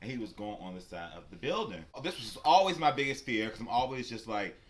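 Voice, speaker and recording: A man vlogger telling a story casually while he eats, animated and profane, and talking straight to his viewers. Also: medium pitch, quick pace. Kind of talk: casual storytelling during a mukbang.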